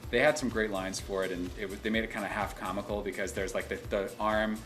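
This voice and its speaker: A man's voice: fairly low pitch, fairly even intonation, fast talker, fairly bright tone, soft background music. A voice actor talking casually about his work, rambling a bit with restarts. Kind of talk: casual interview talk.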